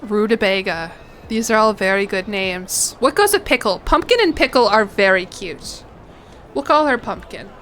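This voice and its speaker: A woman's voice: medium pitch, animated, normal speed, a bit bright, a little hiss or hum. A woman streaming a strategy game, chatting casually, reacting, laughing and swearing as she plays. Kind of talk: casual gameplay commentary.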